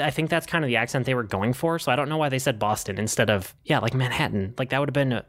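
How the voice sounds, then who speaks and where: A man co-hosting a casual movie review podcast, chatting in a relaxed way with plenty of fillers. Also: mid-range voice. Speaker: podcast co-host.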